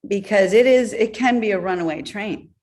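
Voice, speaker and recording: A woman guest on an interview show, telling business stories in an animated way with laughs along the way. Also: mid-range voice, normal speed. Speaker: guest, entrepreneur. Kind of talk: conversational storytelling.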